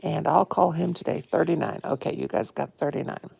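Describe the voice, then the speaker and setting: A woman in her fifties, a little hoarse, chatting live to viewers from her phone at home and greeting them with pet names. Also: sits low, brisk, mellow, no echo. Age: 50s. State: a bit hoarse. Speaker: live-stream host. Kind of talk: casual live-stream chat with viewers. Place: home, indoors.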